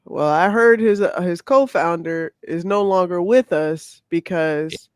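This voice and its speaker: A man co-hosting a casual podcast, speaking in a measured, hesitant way with frequent restarts. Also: sits high, clear, resonant tone, no echo, clean studio sound. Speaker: podcast co-host.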